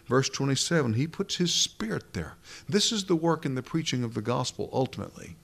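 A man preaching a sermon with a gravelly edge to his voice. He speaks earnestly and with emphasis, pressing his points home with rhetorical questions as he reads through scripture. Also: medium pitch, very animated, fairly quick, fairly bright tone.

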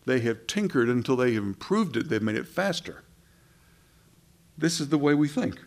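Preaching a sermon, a man speaks in a gravelly, creaky voice at a middle pitch with a darkish tone. He's very animated yet keeps a normal speed, talking conversationally, posing rhetorical questions to listeners and pausing for asides.

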